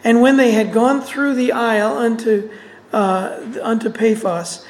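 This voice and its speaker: A woman's voice: a little high, fairly even intonation, measured pace, poor audio. A woman teaching through a Bible passage, reading verses aloud and explaining them with casual asides.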